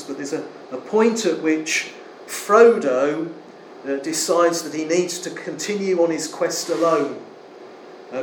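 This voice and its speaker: A man preaching a sermon in an earnest, emphatic way, slowing to stress key words. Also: on the high side. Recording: echoey room, faint air conditioning hum.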